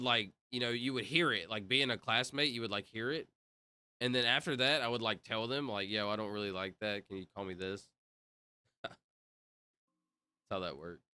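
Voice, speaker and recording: A man's voice: medium pitch, bright, forceful tone. A young man livestreaming, chatting casually with viewers in a rambling way full of fillers. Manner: rambling, talks to chat, many fillers.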